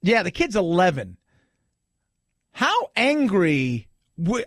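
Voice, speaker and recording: A man hosting a talk radio show, animated and sarcastic, pushing his pitch up and down for emphasis. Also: normal speed, creaky, no echo, clean studio sound. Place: radio studio. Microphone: studio microphone.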